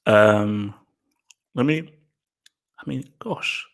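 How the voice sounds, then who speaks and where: A man's voice: on the low side, drawn-out words, gravelly. A man hosting his own vlog, giving casual opinion commentary in an emphatic way, repeating phrases and restarting sentences. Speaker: vlog host.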